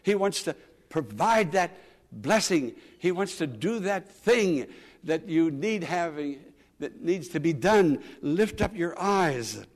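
A male pastor preaching earnestly to a congregation. He repeats his phrases and moves between loud emphasis and soft asides. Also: a little high, lively intonation, takes it slowly. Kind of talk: sermon. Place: church sanctuary. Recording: long church reverb.

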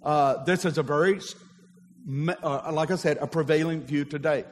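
A man's voice: on the high side, steady tone, normal speed, a little hiss or hum. A man, a pastor, preaching a sermon to his congregation and calling on them to repeat after him. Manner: preaching with call-and-response to a congregation. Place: church sanctuary. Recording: long hall reverb of a church.

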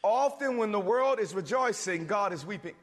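A man preaching a sermon, animated, swinging between loud bursts and low asides. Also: moderate pace. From suburbs. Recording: long reverb of a hall.

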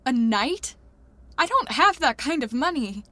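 A woman's voice: high voice, sing-song, measured pace, bright, forceful tone, no room sound, heavily acted. A woman playing a stressed, sarcastic young woman. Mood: worried. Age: young adult. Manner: frustrated, sarcastic, swearing.

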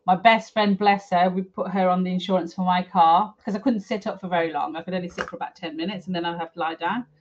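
A middle-aged woman speaks openly about her own life in an interview, talking in a frank, emotional, rambling way. Her pitch sits in the middle for a woman. The recording sounds a little muffled and lo-fi. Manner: frank, emotional, chatty with fillers. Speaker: guest, property developer. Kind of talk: candid personal storytelling. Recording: slightly dull lo-fi audio.

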